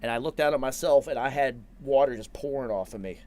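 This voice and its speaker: A man's voice: medium pitch, brisk. A man in his forties, a podcast host, telling a long rambling story with lots of swearing and quoted asides. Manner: rambling, profane, animated anecdote with self-quoting. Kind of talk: casual storytelling.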